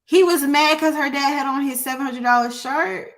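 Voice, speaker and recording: A woman's voice: high-pitched, moderate pace, fairly bright tone. A woman giving casual reaction commentary, incredulous and quizzing her audience. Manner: incredulous, asks the audience questions.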